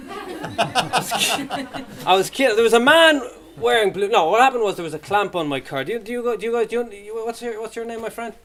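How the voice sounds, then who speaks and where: This young stand-up comedian has a very high, slightly bright voice with lively intonation, speaking briskly but with long pauses. Performing for a young crowd, he tells a story and acts out its voices amid audience laughter.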